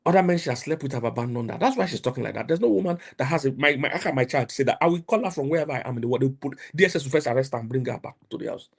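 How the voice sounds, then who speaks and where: A middle-aged Nigerian man with a Nigerian accent, preaching and mentoring emphatically, repeating himself and rising to loud outbursts. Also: medium pitch, rapid-fire, vocal fry, hardly any pauses, breathy edge. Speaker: pastor and mentor. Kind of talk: motivational preaching.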